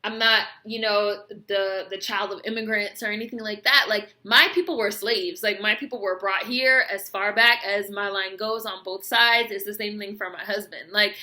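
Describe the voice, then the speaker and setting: Bright, profane woman ranting. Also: medium pitch, steady tone, normal speed, hardly any pauses. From United States. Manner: profane, sarcastic, mocking. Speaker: vlogger. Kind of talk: heated rant to camera.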